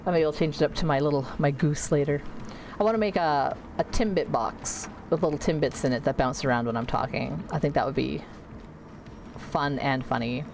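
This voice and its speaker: A woman's voice: low voice, brisk, creaky, a little mellow, slight background noise, low-quality recording. A woman streamer chatting casually and rambling about her day while she plays a game at home. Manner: rambling, chatty, self-correcting. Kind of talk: casual gameplay chat. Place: home computer room.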